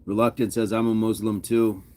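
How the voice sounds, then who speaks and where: A man's voice: on the low side, little pitch movement, normal speed, mellow. A man hosting a fitness livestream, casually reading viewers' comments aloud and chatting back with an easygoing, laughing manner.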